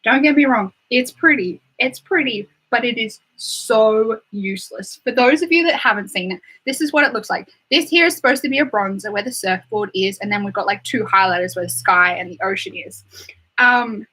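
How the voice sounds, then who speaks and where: A woman's voice: mid-range voice, animated, fairly quick, pushed and bright, husky, rough recording. A young Australian woman chatting casually on a live stream, filling her talk with "like" and "um". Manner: chatty, full of "like" and "um" fillers. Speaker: beauty livestreamer.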